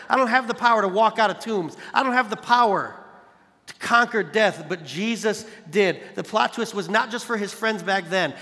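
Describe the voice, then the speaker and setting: Guy preaching in a big echoey hall, bright kinda high voice, chatty but punchy, keeps repeating lines for build-up. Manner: conversational, addresses listeners as "you guys"; emphatic, repeats phrases for build-up. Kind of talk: sermon. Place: large hall, evening service.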